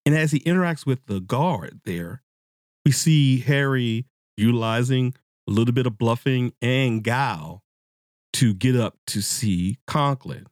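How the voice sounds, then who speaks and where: A man hosting a casual book-discussion podcast, talking to his listeners in a rambling, excitable way and swearing freely. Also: medium pitch, measured pace, no echo, studio quality. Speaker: podcast host.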